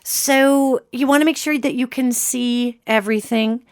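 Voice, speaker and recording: A woman hosting a podcast, giving lively, chatty advice in a casual instructive way. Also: a little high, a little slow, dry recording, clean studio sound. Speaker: podcast host.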